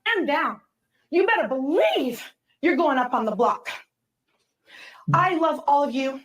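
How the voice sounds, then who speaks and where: A middle-aged woman on a reality show gives an emotional speech to her housemates, heated, rambling, and apologetic. Her voice is high-pitched, expressive, and a little slow, and the off-mic recording sounds roomy.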